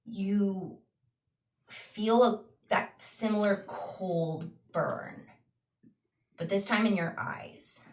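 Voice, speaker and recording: A woman game master slowly narrating a tabletop dream scene, with small restarts. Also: mid-range voice, far from the mic. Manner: slow, descriptive storytelling with restarts. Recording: echoey room, voice off-mic.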